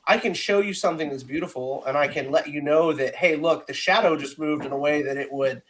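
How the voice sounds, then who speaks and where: A man's voice: on the high side, fairly quick, a bit bright, slight background noise, low-quality recording. A man co-hosting a casual podcast chat, talking animatedly and often asking "you know what I mean". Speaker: podcast co-host, comic creator.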